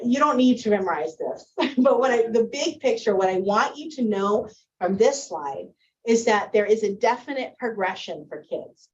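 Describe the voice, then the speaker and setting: A woman's voice: medium pitch, darkish tone, dull audio. A woman teacher giving a presentation to parents on early reading, explaining with friendly spoken examples.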